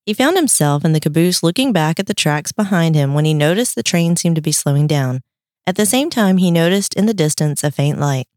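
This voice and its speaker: A woman from North Carolina hosting a podcast, telling a legend in a brisk, amused way during casual chat. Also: deep voice, lively intonation, a little mellow, no echo, clean studio sound. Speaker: podcast host, storyteller.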